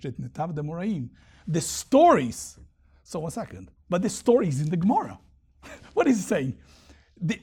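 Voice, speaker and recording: A man teaching a Talmud lesson, reading Aramaic passages and explaining them in lively English. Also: high voice, husky.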